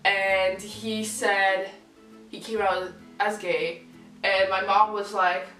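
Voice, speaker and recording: A young woman vlogger tells stories candidly to camera, swearing freely and acting out the people she quotes. Her mid-range voice is slow, fairly bright, and nearly flat in pitch, recorded roomy and far from the mic, with faint music.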